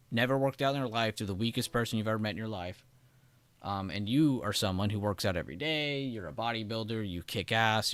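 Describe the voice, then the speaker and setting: With a fairly low but fairly bright voice and no echo in the room, a man runs a live trading stream. His market talk is laid-back and conversational, full of laughter and direct replies to viewers in chat.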